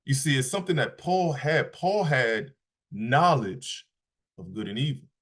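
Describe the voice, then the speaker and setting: A man's voice: medium pitch, very animated, fairly bright tone. A man giving a Shabbat Bible lesson, reading scripture aloud and often restarting his sentences. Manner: halting, repeats words, reads scripture aloud slowly. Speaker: Bible teacher.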